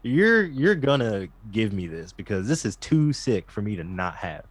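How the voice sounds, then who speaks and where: A male musician guest chatting casually, excitable and slangy, with a heavy use of "like". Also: on the low side, normal speed, breathy edge. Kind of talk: casual chat.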